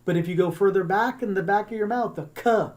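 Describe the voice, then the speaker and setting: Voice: mid-range voice, fast, a little mellow. A teacher giving a recorded class lesson on accents, talking in an encouraging, conversational way and showing sounds.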